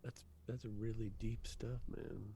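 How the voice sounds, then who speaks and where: A man's voice: lowish voice, level tone, a little slow, vocal fry, mellow. A man co-hosting a podcast, chatting in a laid-back way and chuckling often. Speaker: podcast co-host. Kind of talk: casual podcast chat.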